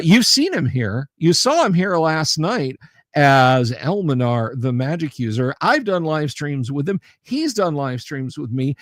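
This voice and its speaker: A man's voice: fairly high pitch, no room sound. A middle-aged man hosting a casual livestream chat, rambling and joking with lots of fillers and restarts. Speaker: livestream host.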